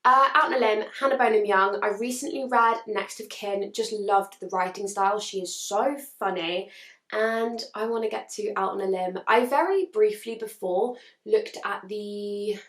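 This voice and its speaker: A woman chatting to camera about books she wants to read, gushing and hedging, a little hoarse as she is losing her voice. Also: medium pitch, moderate pace, a bit bright, reverberant. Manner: chatty and gushing, with frequent hedges. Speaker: book vlogger. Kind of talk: casual chat to camera.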